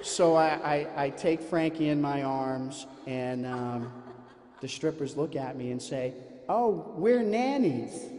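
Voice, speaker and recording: A man telling a comic story live on stage, animated and self-mocking, in a reverberant hall with faint noise. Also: mid-range voice, unhurried. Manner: animated, self-mocking, acts out other voices.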